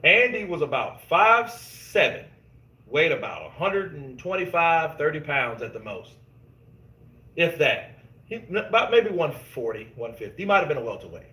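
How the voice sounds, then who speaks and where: A man hosting casual boxing commentary, reading viewer comments and telling stories in an animated, emphatic way, swearing freely. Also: on the high side, normal speed. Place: gym. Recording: echoey gym room.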